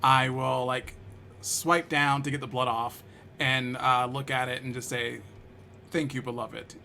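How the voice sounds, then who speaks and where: A man playing a tabletop game, talking quickly and casually, often laughing. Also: medium pitch, little pitch movement, creaky, bright, forceful tone, a little hiss or hum. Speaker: player.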